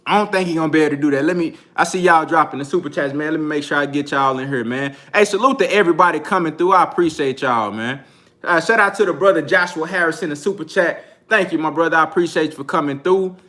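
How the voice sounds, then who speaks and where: A man in talks boxing on a live stream in a loose, slangy, laid-back way, often breaking into laughter. His voice sits a little high and rings very bright. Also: fast. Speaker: boxing channel host. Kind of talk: casual live-stream commentary.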